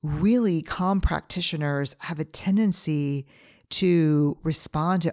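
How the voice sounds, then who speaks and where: A woman's voice: deep voice, slow, darkish tone. A middle-aged woman hosting her own podcast, talking earnestly and acting out the voices she quotes. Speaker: podcast host. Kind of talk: reflective solo podcast talk.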